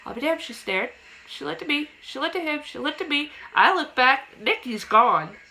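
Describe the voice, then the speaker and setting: A woman's voice: sits high, animated, moderate pace, pushed and bright, rough recording. A young woman vlogger casually telling a personal ghost story to camera, acting out quotes in a raised childlike voice.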